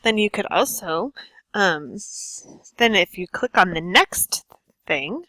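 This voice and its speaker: A woman's voice: medium pitch, lively intonation, takes it slowly, sharp tone, no echo, low-quality recording. A woman teacher walking students through a computer task step by step, patient and instructive with frequent ums. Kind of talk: screen-share tutorial lesson.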